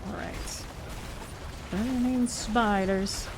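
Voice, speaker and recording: Woman doing live game commentary, slow unhurried talk, noisy background hum. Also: a little high, fairly even intonation. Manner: thinks aloud, calls out enemies as they appear. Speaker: game streamer.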